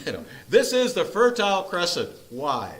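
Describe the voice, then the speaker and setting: A man's voice: high voice, huge pitch swings, moderate pace, fairly bright tone, low-quality recording. Guy running bible study, goofy and jokey, voice bounces all over. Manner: jokey and playful, often laughing. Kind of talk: informal group teaching with a map. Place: church meeting room.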